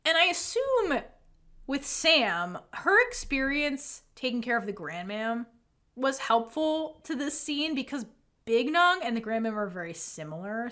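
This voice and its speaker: A woman with a high, bright voice retells a series scene by scene in a casual podcast chat. Her pitch swings widely as she acts out the characters' lines. She peppers her talk with "like" and casual swearing. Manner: animated storytelling, acting out character quotes; swears casually, says "like" a lot. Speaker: podcast co-host.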